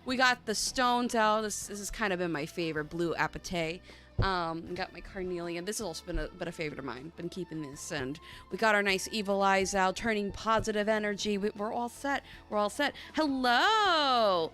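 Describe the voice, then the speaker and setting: A woman's voice: mid-range voice, moderate pace, fairly bright tone, soft background music. Bubbly woman hosting a tarot livestream. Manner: chatty, bubbly, swears casually. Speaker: tarot reader and livestream host. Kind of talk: casual livestream chat.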